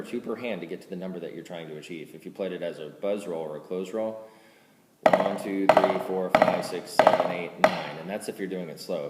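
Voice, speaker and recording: A man teaching drum rudiments in a casual way, counting strokes aloud louder than he explains. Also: sits low. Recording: roomy reverb with loud background noise.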